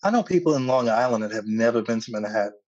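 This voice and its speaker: A male comedian guesting on a podcast tells animated stories and acts out quotes with street slang. His voice sits at a middle pitch. The recording is a bit dull and dry. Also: fast talker, dry recording. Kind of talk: casual chat.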